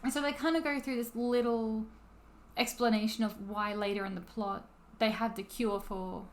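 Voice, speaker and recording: A young Australian woman co-hosting a podcast, chatting casually with quick, sweary asides. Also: on the high side, fairly even intonation. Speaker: podcast co-host. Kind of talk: casual chat.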